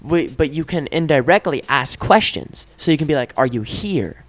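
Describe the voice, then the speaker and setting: A man's voice: a little high, normal speed. A young man telling a story in casual chat, acting out the voices and sound effects as he goes. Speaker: podcast host.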